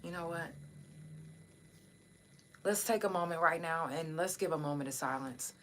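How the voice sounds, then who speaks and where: A woman's voice: sits low, moderate pace, slight background noise. A woman hosting a casual livestream podcast who speaks straight to her listeners in an impassioned, blunt and profane way. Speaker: podcast host.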